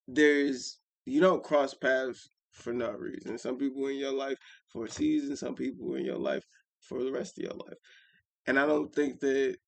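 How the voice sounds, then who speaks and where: A man co-hosting a podcast in casual chat, reflective and rambling with many halting restarts. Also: medium pitch, creaky. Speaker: podcast co-host.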